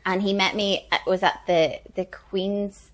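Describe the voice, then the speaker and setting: A woman's voice: mid-range voice, fairly even intonation, unhurried. A woman, a guest chatting casually and telling anecdotes, full of "like" fillers.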